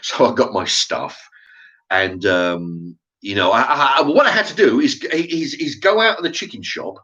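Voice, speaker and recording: A man's voice: mid-range voice, normal speed. A man, host of his own channel, telling a story in a casual, blunt monologue full of swearing. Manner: animated, blunt, swears freely. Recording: dull lo-fi recording.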